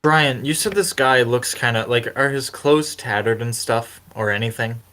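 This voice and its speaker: A man's voice: mid-range voice, moderate pace, bright, forceful tone. A man playing a tabletop game, talking casually and often restarting as he works out what his character does. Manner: casual, repeats phrases while deciding actions. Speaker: player.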